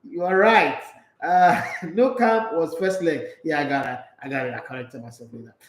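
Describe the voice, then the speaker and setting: A playful Nigerian man hosts a sports talk stream, bouncing between English and Pidgin as he reads out viewer messages. His voice sits high for a man. The sound carries a noticeable room echo. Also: normal speed. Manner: playful, animated, slipping into Pidgin. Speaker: sports talk show host. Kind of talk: casual live-stream chat reading viewer comments.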